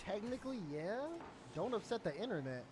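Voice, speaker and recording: A co-caster calling a video game match with excited play calls and joking banter. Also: mid-range voice, brisk, noisy background. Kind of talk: casual esports commentary.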